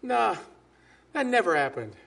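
A man preaching a sermon as a pastor, emphatic, with drops to soft asides. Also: sits high, sing-song, a little slow, creaky, husky.

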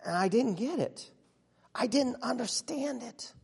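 A man playing an earnest, excitable disciple who tells his own story in a church monologue, chatty with sudden hushes and bursts. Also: very high voice, unhurried, gravelly, husky, full character voice. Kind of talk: first-person dramatic monologue. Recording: long reverb of a large hall.

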